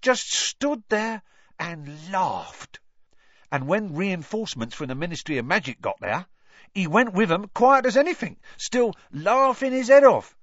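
A man voicing a brash, chatty young bus conductor, loud and excitable, on a dull lo-fi audiobook recording. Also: high-pitched, a little slow, no room sound, voice pushed up, exaggerated voice. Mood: gossipy. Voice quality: loud, excitable, dropped grammar.

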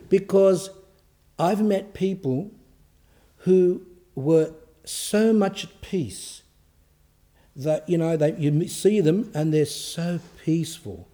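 A male priest giving an informal, lively sermon, telling stories with acted quotes. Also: fairly high pitch, takes it slowly, long pauses. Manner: animated storytelling with acted quotes.

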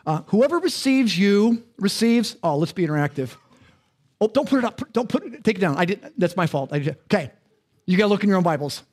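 A man's voice: high-pitched, animated, fast talker, darkish tone. A male pastor preaching a sermon in a conversational, interactive way, often asking the congregation questions.

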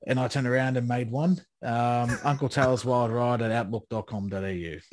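Blokey Australian podcast host. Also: male voice, mid-range voice, darkish tone. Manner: blokey banter, swears freely. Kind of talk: casual chat.

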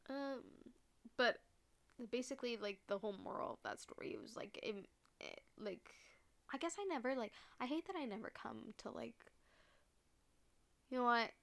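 A woman's voice: on the high side, moderate pace, gravelly, long pauses, a bit bright. Rambling young woman podcaster. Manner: rambling, heavy "like" filler, restarts, swearing. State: choked up, near tears. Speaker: podcast host. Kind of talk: casual solo podcast monologue.

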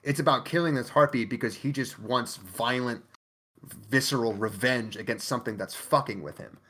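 A man's voice: mid-range voice, moderate pace, sharp tone. A man co-hosting a podcast, casually recapping an anime in a profane, emphatic way. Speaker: podcast co-host.

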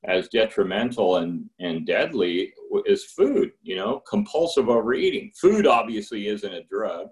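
Man, middle-aged, lowish voice, candid personal testimony, rambling with restarts. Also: big pitch swings, normal speed, hardly any pauses. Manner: candid and rambling, with restarts, acting out phone calls in higher voices. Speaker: speaker sharing at a recovery meeting.

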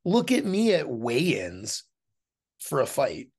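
A man's voice: medium pitch, wildly swooping pitch, slow pace, breathy edge. A man speaking as a podcast guest in a casual interview, blunt and profane, often acting out other people's voices as he explains his point. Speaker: podcast guest, fighter and dog trainer.

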